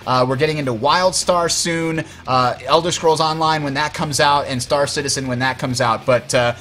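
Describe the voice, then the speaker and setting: Casting: young man, relaxed gaming-show host, slightly high voice, easy laughs. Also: moderate pace, a little hiss or hum. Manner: relaxed, laughs often, many uh fillers. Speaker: podcast and stream host. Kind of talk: casual gaming chat.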